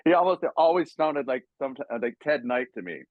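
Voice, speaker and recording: A man's voice: mid-range voice, very animated, normal speed, no echo, phone-quality sound. An older man, a voice actor, telling casual stories in an interview, chuckling often and acting out voices. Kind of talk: casual anecdotal storytelling.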